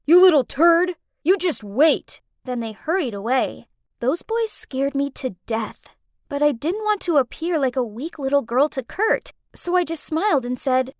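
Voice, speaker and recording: A woman narrating a first-person animated story in a dramatic, emotional way. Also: high voice, dry recording, clean studio sound.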